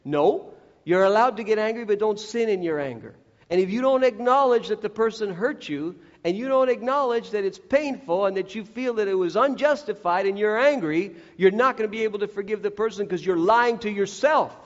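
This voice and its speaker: Preaching earnestly and briskly, a high-voiced man speaks with expressive delivery straight to his audience, taking on the voices of those he quotes. His words carry a long echo through a big hall, captured in a dull, lo-fi recording.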